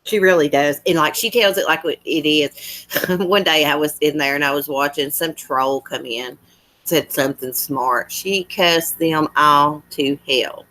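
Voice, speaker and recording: Low-voiced Southern woman chatting. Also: a little slow, sharp tone. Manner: chatty, drawling, countrified. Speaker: livestream host. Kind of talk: casual chat reading live comments.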